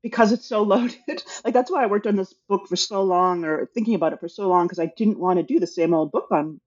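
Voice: medium pitch, fairly quick, breathy edge, highs cut off. An author talking casually about their book, hesitant and thinking aloud, with many restarts. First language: English.

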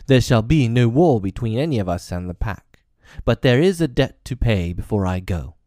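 A man's voice: medium pitch, expressive, normal speed, mellow, dry recording, clean studio sound, pitched above the performer's own voice, close to an everyday voice. A man reading as Mowgli, a defiant wolf-raised youth. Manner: commanding, old-fashioned speech. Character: defiant young man-cub raised by wolves. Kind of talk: audiobook character reading.

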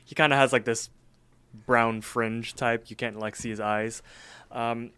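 A man's voice: medium pitch, fairly even intonation, unhurried, pushed and bright, clean tone. A man co-hosting a podcast, casually recapping an episode in a rambling way with lots of "like" and "um". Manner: rambling, filler-heavy retelling. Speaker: podcast co-host.

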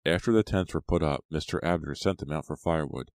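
A man narrating an audiobook in a steady, even storytelling manner. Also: a bass voice, quick pace, no echo, clean studio sound. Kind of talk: scripted narration.

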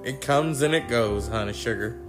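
A man doing an impression of an older male politician, drawling slowly and using pet names. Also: mid-range voice, music in the background, voice pushed down, close to an everyday voice.

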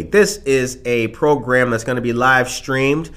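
A man's voice: mid-range voice, measured pace, a bit bright, clear, resonant tone. A man hosting a casual live talk show, emphatic and fond of repeating phrases for punch. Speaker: show host.

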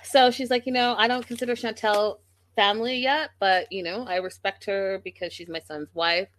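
A woman's voice: medium pitch, normal speed, no echo. Sassy woman recapping reality TV. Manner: animated, sassy, acts out quotes in exaggerated voices. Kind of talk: casual recap commentary.

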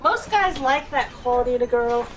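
Give me an actress playing a playful pushy woman with a high voice. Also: expressive, normal speed, a little hiss or hum, natural voice, poor audio. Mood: wheedling. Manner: wheedling, playful. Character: pushy, flirty adult woman. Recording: film audio with music.

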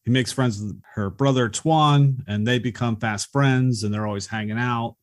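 A man co-hosting a casual movie podcast, calmly recounting plot points and favorite moments. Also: medium pitch, normal speed. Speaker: podcast co-host.

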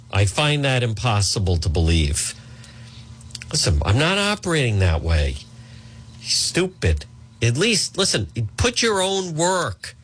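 A man's voice: mid-range voice, huge pitch swings, measured pace, a bit bright, breathy edge. A middle-aged man hosting a talk radio show, delivering a combative, sarcastic monologue. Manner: combative, sarcastic, mocking put-on voices.

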